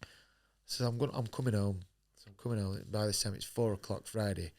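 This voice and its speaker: Blunt northern English man with a low voice. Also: steady tone, fast, darkish tone. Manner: blunt, swears freely, acts out quoted dialogue. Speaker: guest, professional boxer. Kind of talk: candid storytelling in a podcast interview.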